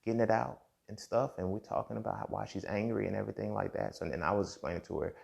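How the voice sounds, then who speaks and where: A young man talks fast on his podcast, his fairly low voice steady, a little mellow, and touched with vocal fry. He reflects in a loose, conversational way, repeating points and frequently saying "you feel me."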